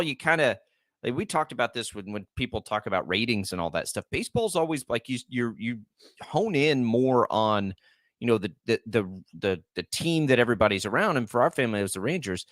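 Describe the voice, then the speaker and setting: Lively, heartfelt radio co-host in his forties. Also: on the low side, no echo, clean studio sound. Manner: animated, rambling, heartfelt, with many restarts. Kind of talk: casual sports talk. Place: radio studio. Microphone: studio microphone.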